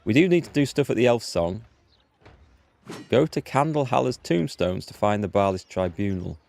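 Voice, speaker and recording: A man's voice: on the low side, lively intonation, moderate pace, vocal fry, a little mellow, a little hiss or hum. A man from northeast England streaming a video game, chatty and self-deprecating as he thinks aloud. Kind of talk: casual live-stream commentary.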